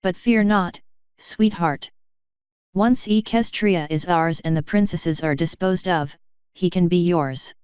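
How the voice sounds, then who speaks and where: A woman's voice: lowish voice, slow pace, darkish tone, clear, resonant tone, no echo, highs cut off. A woman reading as a doting, ruthless changeling queen. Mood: soothing. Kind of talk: fanfiction audiobook reading.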